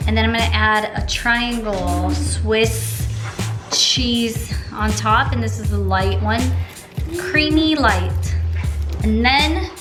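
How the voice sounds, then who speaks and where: A woman's voice: fairly high pitch, slow, music in the background. A woman chatting to her viewers in an upbeat, casual way as she cooks at home. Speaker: vlogger. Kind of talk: casual cooking vlog. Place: home kitchen and backyard grill.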